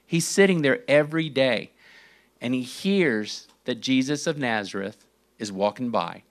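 A male preacher teaching from the Bible at a slow, unhurried pace. His delivery is deliberate, dropping low and quiet, then rising sharply for emphasis. Rhetorical questions break up the verse readings. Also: lively intonation. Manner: slow and deliberate, with dramatic swings in pitch and volume; reads scripture verses aloud and asks rhetorical questions. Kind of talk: sermon teaching.

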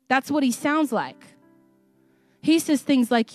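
A woman with a fairly high voice leads a sermon and prayer in a slow, soft cadence, repeating her phrases. Faint music plays under her dry, close voice. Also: dry recording.

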